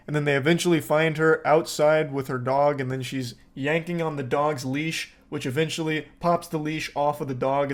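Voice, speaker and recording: A man narrating reaction commentary in a sarcastic, profane way. His voice sits a little high for a man and often tips into dry mockery. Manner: sarcastic, profane, breaks into laughter.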